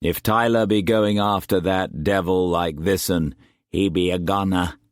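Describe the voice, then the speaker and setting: A man's voice: low voice, steady tone, a little slow, no echo, clean studio sound. A man reading aloud, voicing a frightened woman who speaks in a broad country dialect. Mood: anxious. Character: frightened rough-spoken older woman.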